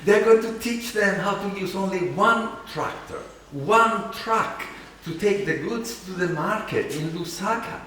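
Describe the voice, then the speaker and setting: A man with an Italian accent telling an animated, self-mocking story as a keynote speaker. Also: high-pitched, unhurried, few pauses, recorded from a distance, a little hiss or hum. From Italy. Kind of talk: storytelling talk. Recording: echoey hall, mic from afar.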